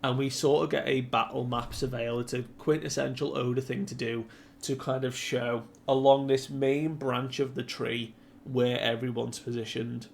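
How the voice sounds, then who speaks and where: Gravelly man recapping a comic chapter. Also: mid-range voice, moderate pace, a little hiss or hum. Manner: relaxed, rambling, many fillers. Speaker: manga commentator.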